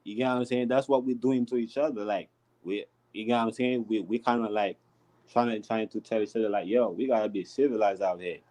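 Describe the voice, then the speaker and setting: A man's voice: mid-range voice, steady tone, fairly quick, darkish tone, poor audio. A man speaking on a casual panel, rambling with many restarts and filler words. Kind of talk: casual chat.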